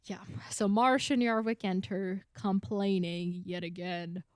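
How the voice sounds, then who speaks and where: A woman's voice: mid-range voice, unhurried, few pauses, clean tone, dry recording, studio quality. A woman co-hosting a podcast, casually recapping book chapters and peppering her paraphrases with "like". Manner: chatty, paraphrases scenes with filler "like".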